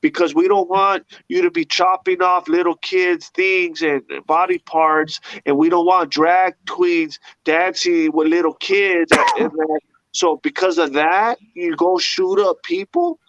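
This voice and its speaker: A man's voice: high voice, a little slow, fairly bright tone. Indignant rambling man, dull lo-fi sound. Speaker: panelist. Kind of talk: casual talk-show discussion.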